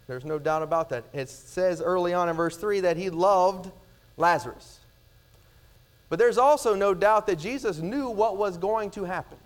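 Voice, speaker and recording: A middle-aged male pastor preaching a sermon with emphatic swings from loud declarations to hushed words. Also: high voice.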